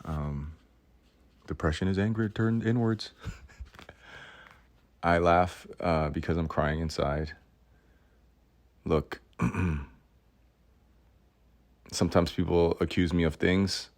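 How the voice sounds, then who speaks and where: A man's voice: low-pitched, steady tone, slow pace, pauses often. A man hosting a podcast, talking in a reflective monologue that is earnest and self-questioning, with wry asides and restarts. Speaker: podcast host.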